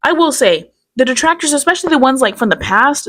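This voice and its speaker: Woman, commentary host, sarcastic, chatty, slightly high voice, laughs a lot. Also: lively intonation, fast, a bit bright. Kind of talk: casual reaction commentary.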